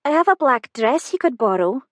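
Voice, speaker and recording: A woman voicing a brisk, polite young female hotel receptionist with a Scottish accent touched with Irish, in an audiobook. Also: sits high, sing-song, a bit bright, no room sound, studio quality, pitched above the performer's own voice. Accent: Scottish with a trace of Irish.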